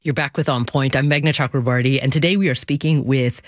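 A woman hosting a radio interview, speaking in a measured way with a few restarts. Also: a bass voice, fairly even intonation, dry recording, clean studio sound. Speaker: radio host.

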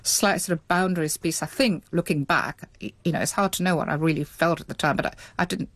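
A woman's voice: low-pitched, a little fast, dry recording. A middle-aged woman, interviewed, recalling her childhood in a reflective, hesitant way with many restarts. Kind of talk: reflective recollection.

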